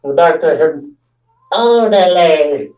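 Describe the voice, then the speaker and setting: A man's voice: fairly high pitch, steady tone, moderate pace, dark tone. Rambling storytelling man, echoey room. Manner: rambling, restarts and acts out quoted friends. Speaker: amateur stand-up storyteller. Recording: echoey room, mic far off.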